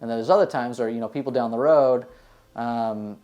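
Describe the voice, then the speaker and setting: A man from the United States, a dentist, answering interview questions in a relaxed, rambling way with many fillers. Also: mid-range voice, a little fast, lo-fi sound. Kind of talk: casual interview answers, storytelling.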